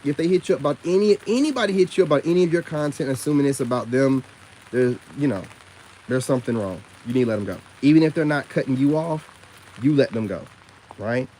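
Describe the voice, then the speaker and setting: A man giving a casual monologue to camera about narcissism, loose and full of slang, who jumps sharply up in pitch when he gets indignant. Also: quick pace, a little mellow, a little hiss or hum. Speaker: online commentator on narcissism.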